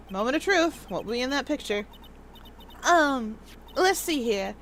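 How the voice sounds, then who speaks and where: A woman streamer giving casual gaming commentary, giggly and animated. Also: high voice, measured pace, long pauses.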